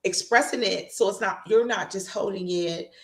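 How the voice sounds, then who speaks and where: A woman hosting a casual podcast conversation, emphatic and animated, often repeating phrases. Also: mid-range voice, normal speed.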